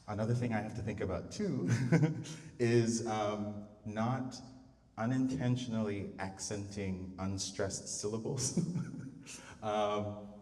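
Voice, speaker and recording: A male composer with a low, slightly mellow voice speaks live at a public venue about setting words to music. He thinks out loud, using fillers and restarting sentences, and the distant mic picks up a reverberant room.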